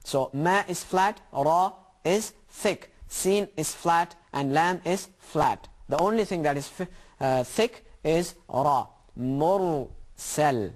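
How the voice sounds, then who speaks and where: Brief: male recitation teacher with a slightly high voice, drilling pronunciation with slow, deliberate repeated examples. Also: animated. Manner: deliberate, repeats words slowly to contrast correct and wrong pronunciation. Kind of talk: tajweed lesson with spoken examples.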